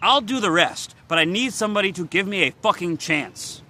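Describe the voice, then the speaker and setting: A man's voice: high voice, expressive, brisk, sharp tone. A young man venting in a confessional vlog, frustrated, weary and swearing bluntly as he talks. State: weary and worn out. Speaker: vlogger.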